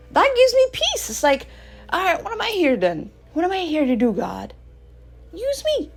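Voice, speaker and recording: Her voice high and her pace normal, a radio host in her thirties gives a casual spiritual monologue, swinging with animation between loud bursts and quiet asides.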